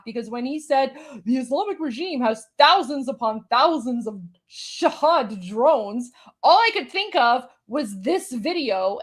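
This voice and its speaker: Woman, livestream host, high voice, sarcastic reaction commentary, mocking, chatty with viewers. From Iran.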